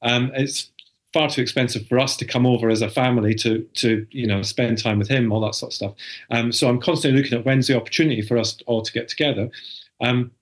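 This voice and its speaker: A man's voice: medium pitch, fairly even intonation, fast. A middle-aged man, a podcast guest chatting casually and acting out family conversations as he tells stories. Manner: chatty storyteller, acts out family dialogue. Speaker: podcast guest, spouse of a host. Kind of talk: casual chat.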